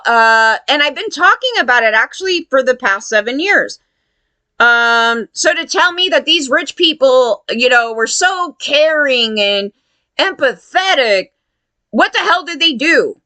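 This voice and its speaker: A woman's voice: high-pitched, lively intonation, a little slow, bright, forceful tone, no room sound. A woman angrily recounting how she was turned away after the fires, swearing often and acting out what officials told her. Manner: profane, heated, acts out others' lines. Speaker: fire survivor telling her story. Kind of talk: angry personal rant.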